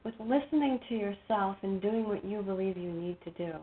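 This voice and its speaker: A woman host responding warmly and encouragingly in a casual conversation. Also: medium pitch, normal speed. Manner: affirming, encouraging. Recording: phone-like line.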